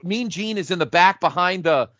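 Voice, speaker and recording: A man talks in excited casual chat, narrating an imagined match like a breathless play-by-play and swearing freely. His voice is bright and forceful and sits a little high. The recording is dry and somewhat dull, like lo-fi home podcast audio. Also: normal speed, dry recording. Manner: animated, profane play-by-play storytelling. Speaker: podcast co-host.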